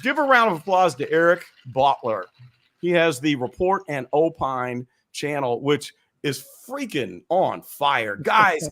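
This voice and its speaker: Folksy raspy man hosting a live stream. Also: a little high, fairly bright tone. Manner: chatty, folksy, upbeat. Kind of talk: casual live stream chat. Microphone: webcam and computer mic.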